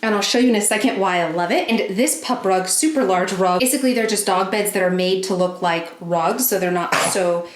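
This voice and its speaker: In an echoey bedroom with faint background noise, a pet vlogger talks briskly with few pauses in a mid-range voice. She's chatty with her viewers while doing chores, a bit out of breath, and sometimes coaxes her dogs in a bright voice.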